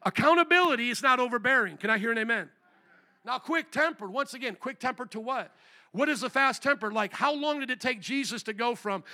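A man preaches with a bright, high voice, loud and emphatic. He talks to his congregation in a conversational way, with asides and calls for an amen. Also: lively intonation, fairly quick. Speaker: pastor. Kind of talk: sermon. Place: church sanctuary.

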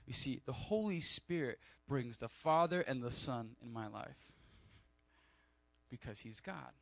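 A man preaching a sermon, animated with joking asides and loud emphatic peaks. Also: medium pitch, a little slow, creaky, no room sound. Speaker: pastor.

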